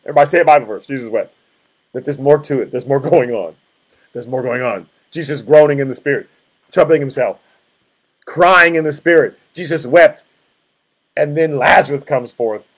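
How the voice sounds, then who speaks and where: A man's voice: medium pitch, a little fast. Man, 60s, pastor, easygoing Bible-study teacher, reflective, meandering asides. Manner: conversational, reflective, rambling asides.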